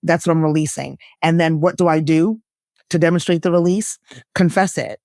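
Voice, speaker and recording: A woman guest, an actress and lifestyle coach, speaking earnestly and reflectively in a candid conversation, her voice jumping up when she laughs or gets excited. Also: moderate pace, no echo, studio quality. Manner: earnest and reflective, with bursts of laughter and pitch jumps.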